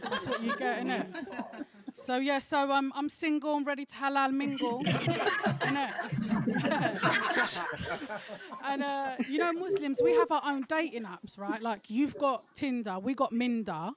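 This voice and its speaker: A woman's voice: sits high, a little slow, a loud crowd. A young woman performing a cheeky, chatty stand-up comedy set with punchy delivery. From London. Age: young adult. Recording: laughter from a virtual audience.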